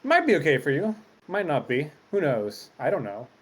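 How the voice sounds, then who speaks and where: A man coaching chess in a relaxed, teasing, casual way. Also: a little high, normal speed, slightly rough.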